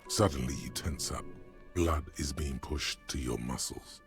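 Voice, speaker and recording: A man voicing a deep gravelly game narrator who talks slowly and measuredly to the player. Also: soft background music. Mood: ominous. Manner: slow, measured, second-person narration.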